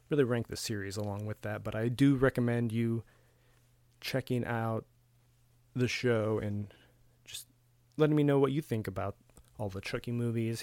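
A man's voice: medium pitch, darkish tone, no echo. A man hosting a podcast in a casual, rambling style, with lots of fillers, restarts and the odd chuckle. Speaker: podcast host.

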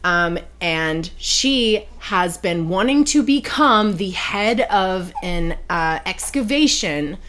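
A woman's voice: mid-range voice, lively intonation, slow pace, hardly any pauses, fairly bright tone, a little hiss or hum. A woman co-hosting a podcast, casually recapping a romance novel's plot with frequent fillers and self-corrections. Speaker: podcast co-host. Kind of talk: casual chat recapping a book.

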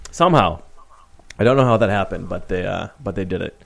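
A man's voice: deep voice, fairly quick, creaky. A man hosting a casual sports podcast, wry and blunt, swearing freely and trailing off mid-thought. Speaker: podcast host.

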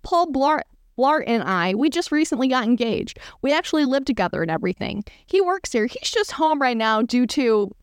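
A woman's voice: sits high, big pitch swings, normal speed, clean tone, no room sound, studio quality. Shrek, read by a woman friendly ogre. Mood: cheerful. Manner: read-aloud dialogue, lightly voiced. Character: male cartoon ogre, friendly and cheerful.

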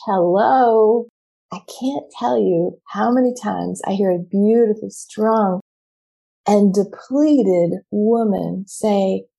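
A middle-aged woman giving a candid, animated motivational talk, acting out her own reactions as she coaches women. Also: medium pitch, takes it slowly, gravelly, breathy edge. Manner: candid and expressive, acts out quoted reactions.

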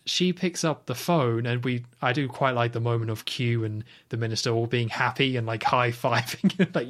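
Male podcast co-host, wry film recapper, mid-pitched, chatty and amused. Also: normal speed. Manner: wry, animated recapping with quoted lines. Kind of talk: casual film review chat.

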